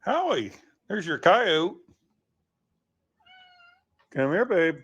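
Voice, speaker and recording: A man's voice: high-pitched, very animated, very slow, a bit bright, breathy edge, lo-fi sound. A man filming a casual home video, cooing at his pet in doting baby talk.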